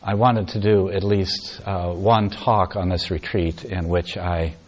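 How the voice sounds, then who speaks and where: A man giving a meditation retreat talk, telling a story in a soft, unhurried way. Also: low-pitched, steady tone. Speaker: meditation teacher.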